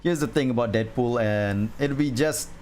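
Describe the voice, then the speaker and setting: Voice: medium pitch, normal speed, darkish tone, slight background noise. A drawing streamer in casual livestream chat, rambling with frequent laughs and restarts while answering chat questions.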